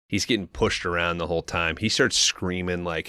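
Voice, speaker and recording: A very low-voiced man walks through a movie plot in loose, profane podcast chatter, tossing in characters' lines as he goes. His tone is bright and pushy, and the sound is dry and close. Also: normal speed, hardly any pauses, clean tone, no room sound. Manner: loose, profane storytelling with quoted asides. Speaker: podcast co-host recapping a film. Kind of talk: casual movie recap chat.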